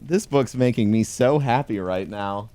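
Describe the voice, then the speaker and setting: A man reading a pun book aloud in a dry, deadpan comedic tone, chuckling along. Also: on the low side, measured pace, no echo. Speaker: comedy host.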